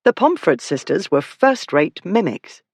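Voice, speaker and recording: An audiobook narrator reading a historical romance in measured, expressive scripted narration. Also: medium pitch, slightly rough, no echo.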